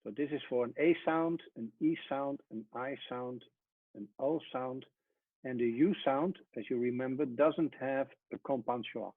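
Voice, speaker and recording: A man teaching a Hebrew lesson at a whiteboard, explaining step by step and often trailing off softly. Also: mid-range voice, moderate pace, no room sound. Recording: tinny phone-like sound.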